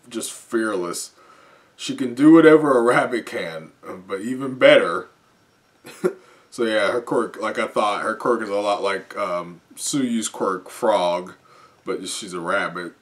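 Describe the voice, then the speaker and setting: Dude reacting to a comic chapter live, slow talker, laughs a lot, lots of ums. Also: male voice, fairly low pitch. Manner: chuckling often, halting with fillers. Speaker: comic reviewer.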